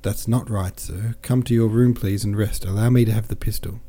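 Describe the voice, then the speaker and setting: A man's voice: fairly low pitch, steady tone, normal speed, warm tone, natural voice. A man voicing an anxious male servant who pleads politely and deferentially. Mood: pleading.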